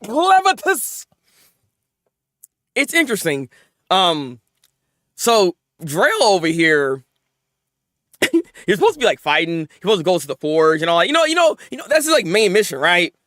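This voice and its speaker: A man excitedly recapping anime episodes in casual chat, laughing often and acting out characters' lines. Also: sits high, normal speed, long pauses, no room sound, studio quality. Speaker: anime reviewer.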